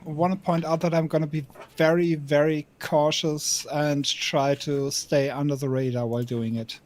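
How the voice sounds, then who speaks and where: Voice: medium pitch, level tone, normal speed, a little mellow. Game player, cautious, reasoning aloud, faint background noise. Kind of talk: casual in-character table talk.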